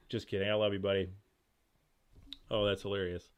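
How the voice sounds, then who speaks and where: A man hosting a casual live-stream Q&A from home, talking fast and jumping between thoughts as he reads viewer comments aloud and reacts to them. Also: lowish voice, level tone, smooth. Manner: rapid, rambling, jumps between thoughts. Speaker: host of outdoor gear channel.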